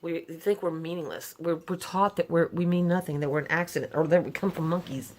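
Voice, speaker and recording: An earnest middle-aged woman talks straight to the camera, unscripted and heartfelt. Her voice sits a little low, and her words keep tumbling into sighs, soft laughs and restarts. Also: fairly even intonation, a little fast. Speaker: vlogger telling her story. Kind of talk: unscripted personal testimony to camera.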